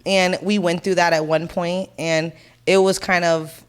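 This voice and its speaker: A woman's voice: lowish voice, flat delivery, unhurried, clear, resonant tone. A Puerto Rican woman in her thirties, co-hosting a podcast, telling a family story in casual, blunt and profane chat. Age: 30s. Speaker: podcast co-host.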